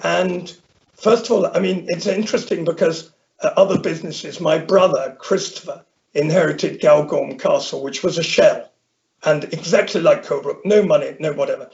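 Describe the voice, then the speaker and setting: Older male guest from Northern Ireland, rambling storyteller, heavily gravelly voice. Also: a little high, moderate pace, darkish tone. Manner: rambling anecdotal, self-correcting restarts. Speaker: interview guest. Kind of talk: conversational storytelling. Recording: dull lo-fi audio.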